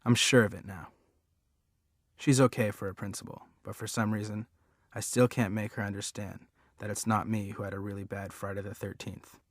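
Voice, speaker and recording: A man narrates a storybook in the first person, earnest and plain-spoken. His voice sits on the low side, and the recording is dry and close, with no room around it. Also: level tone, fairly quick, no echo. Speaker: audiobook reader.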